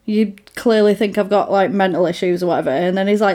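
A woman chats casually, retelling a film scene by scene. She acts out each character's lines in a lively storytelling manner, her voice sitting at a mid pitch. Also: moderate pace, hardly any pauses.

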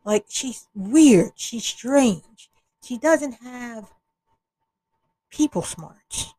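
A woman's voice: a little high, lively intonation, extremely slow, dark tone, husky, no room sound, low-quality recording. A woman hosting an opinion podcast, talking bluntly and with exasperation, often restarting her sentences. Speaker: podcast host.

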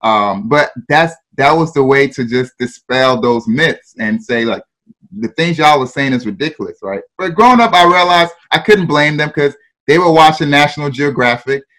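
A man with a Ghanaian accent shares his story as an interview guest. His voice sits a touch higher than most men's. He talks in a relaxed way, laughs as he goes and often tags on "you know". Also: normal speed.

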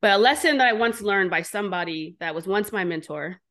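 A woman entrepreneur being interviewed, telling her story candidly and bluntly, animated and swearing freely. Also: medium pitch, brisk. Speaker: entrepreneur guest.

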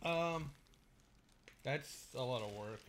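Bright-voiced laid-back podcast co-host man. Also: mid-range voice, animated, slow, slight background noise. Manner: laid-back, defensive, swears casually, calls people dude. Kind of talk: casual podcast banter.

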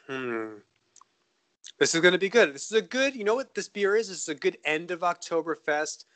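A man's voice: sits high, moderate pace. A man co-hosting a podcast, tasting beer in casual, joking chat. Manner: upbeat, joking, animated. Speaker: podcast co-host.

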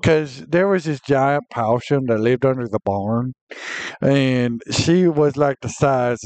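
A man hosting a comedy podcast, answering in a deadpan way with naive questions. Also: mid-range voice, takes it slowly, no echo. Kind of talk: casual podcast banter.

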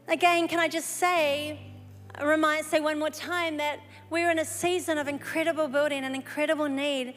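A woman preacher telling a story in a sermon, animated and lively, breaking into excited exclamations. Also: high-pitched. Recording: live hall recording with long reverb.

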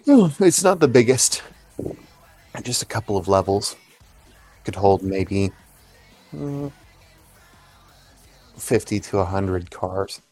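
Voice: low voice, animated, slow pace, pauses often, darkish tone, soft background music. A game master narrating a tabletop role-playing game over voice chat, hesitant and full of fillers.

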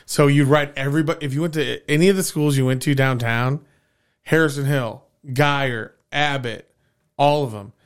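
A man in his thirties hosting a podcast, chatting casually in an excitable, crude way and saying "dude" a lot. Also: mid-range voice, moderate pace, clean tone. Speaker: podcast host. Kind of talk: casual chat.

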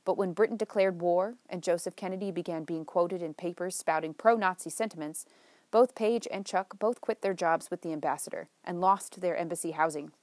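A woman narrating a novel in a measured, lightly wry storytelling manner. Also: lowish voice, a little mellow, no room sound. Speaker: audiobook narrator. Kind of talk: scripted narration.

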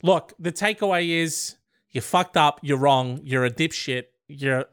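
A man's voice: fairly high pitch, a little slow, a bit bright, clean tone, dry recording, studio quality. A young man co-hosting a casual podcast, joking sarcastically and reading a listener's letter aloud. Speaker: podcast co-host.

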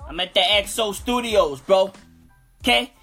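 A woman's voice: medium pitch, expressive, measured pace, fairly bright tone, soft background music. A woman hosting a comedic podcast, ranting in a brash, swaggering bro manner and calling everyone bro. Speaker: podcast host.

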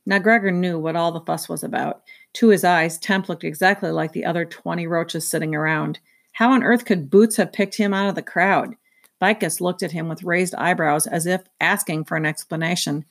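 A woman reading a children's novel aloud, in a steady storytelling manner. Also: on the low side, normal speed, gravelly. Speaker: reader. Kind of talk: children's book read-aloud.

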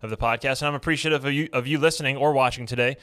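A man's voice: medium pitch, fairly even intonation, rapid-fire, fairly bright tone, clean tone, no room sound. A man hosting a sports podcast from a stadium studio, casual and self-deprecating with joking banter, sweaty after a day at practice. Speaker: podcast host.

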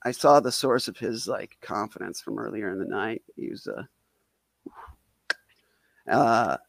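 A man's voice: fairly low pitch, a little slow, gravelly, no room sound. Rambling man telling a comic story. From Wisconsin. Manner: rambling, heavy on "like" fillers, self-deprecating. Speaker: storyteller guest. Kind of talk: casual comedic storytelling.

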